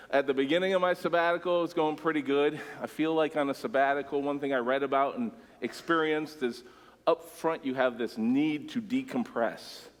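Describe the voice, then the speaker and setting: Male pastor, conversational sermon, mid voice, long church reverb. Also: medium pitch. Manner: relaxed, joking, conversational. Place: church sanctuary stage.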